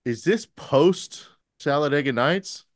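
A man's voice: a little high, expressive, takes it slowly, no echo, studio quality. A man co-hosting a podcast, riffing sardonically in casual comedic banter with mock-grand phrasing. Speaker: podcast co-host.

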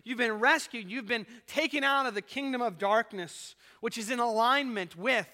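Bright, crisp preaching man in a reverberant church. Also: extremely high pitch, normal speed. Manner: preaches with rising emphasis, reads poetry dramatically. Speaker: pastor. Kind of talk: sermon. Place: church sanctuary. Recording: live church service with long hall reverb.

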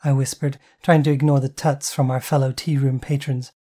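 An author reads their own novel aloud for an audiobook. The delivery is steady and even, in a mellow, dark tone at a middling pitch. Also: moderate pace, husky.

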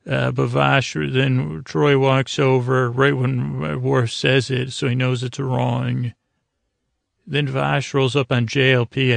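A man with a heavily gravelly voice recaps a TV episode in a loose, rambling way. His delivery stays flat, and he keeps tripping over fillers and restarts. The sound is dry and close, with no room around it. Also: medium pitch, dry recording. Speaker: podcast host.

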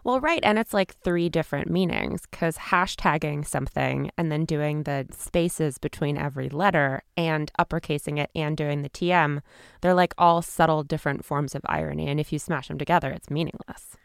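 A woman's voice: low voice, normal speed, gravelly, clear, resonant tone, no echo, clean studio sound. A woman hosting a casual interview, asking curious, conversational questions. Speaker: podcast host.

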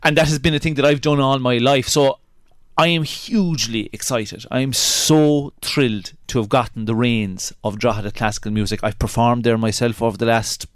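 Chatty Kerry-accented man, smooth voice. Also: mid-range voice, fairly even intonation, normal speed, dry recording, studio quality. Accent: Kerry Irish. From Ireland, County Kerry. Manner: chatty and hesitant, many restarts and fillers. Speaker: guest, opera singer. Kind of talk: casual radio interview chat.

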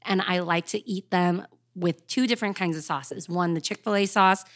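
A woman's voice: fairly low pitch, normal speed, a bit bright, no echo, studio quality. A woman co-hosting a casual chat podcast, playful and teasing. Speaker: podcast co-host.

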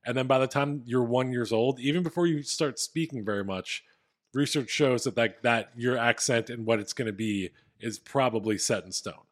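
A man's voice: medium pitch, normal speed. A man co-hosting a casual podcast, retelling a story with plenty of fillers. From Philadelphia area. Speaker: podcast co-host.

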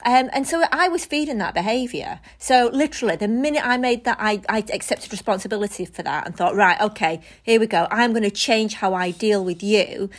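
Woman chatting on a podcast, animated, laughs a lot, tells stories. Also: medium pitch, fairly quick, hardly any pauses. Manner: animated storyteller, laughs often. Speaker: co-host. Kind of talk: casual podcast chat.

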